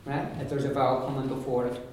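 A man's voice: medium pitch, level tone, quick pace, a little mellow. Belfast man teaching in an echoey classroom. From Northern Ireland. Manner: patient, repeats words for the class to echo. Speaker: Irish language teacher. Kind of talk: classroom pronunciation lesson. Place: classroom with students. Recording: echoey room, far from the mic, class around.

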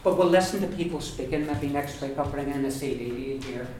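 An Irish man teaching an Irish language class, explaining pronunciation and repeating words slowly for his students. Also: on the high side, darkish tone. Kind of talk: classroom lesson. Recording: echoey classroom from far off, noisy.

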